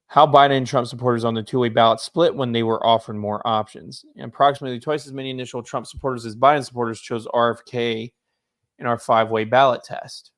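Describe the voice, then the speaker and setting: A man's voice: steady tone, fast talker. Laid-back man reacting to news. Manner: reads articles aloud and reacts with asides; yawning, low-key. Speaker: political commentator. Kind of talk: casual commentary reading news aloud.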